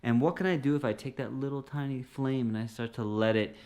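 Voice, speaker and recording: A man at a middle pitch gives a casual singing lesson straight to camera. He talks in an easy, encouraging way and slips short sung phrases in among his explanations. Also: fairly even intonation, brisk, a little mellow. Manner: encouraging, conversational, often sings short phrases. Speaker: music teacher.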